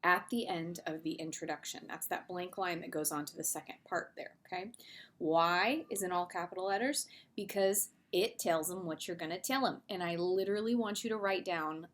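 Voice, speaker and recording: Woman, middle-aged teacher, slightly low voice, relaxed conversational lesson delivery with asides. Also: moderate pace. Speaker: English teacher. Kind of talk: recorded video lesson.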